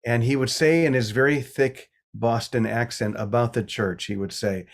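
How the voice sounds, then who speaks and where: A middle-aged man with a mid-pitched voice speaks as a guest priest. He talks in a reflective, storytelling way and laughs easily. His pace is relaxed and unhurried. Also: creaky. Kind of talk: casual spiritual talk.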